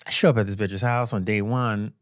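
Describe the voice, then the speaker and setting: A man's voice: lowish voice, a little fast, dry recording, studio quality. A man guest-hosting a casual show, telling a long, profane story and acting out the people in it. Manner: animated, profane storytelling with quoted voices. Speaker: guest co-host.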